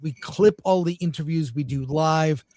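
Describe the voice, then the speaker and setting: Guy hosting a film panel, high voice, really enthusiastic, dry mic. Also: moderate pace, darkish tone, no room sound. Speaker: show host. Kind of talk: casual panel chat.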